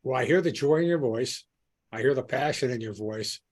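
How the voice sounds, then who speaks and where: A man's voice: mid-range voice, brisk. A man hosting a podcast, chatting in an easygoing, encouraging way. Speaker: podcast host. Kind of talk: casual interview chat.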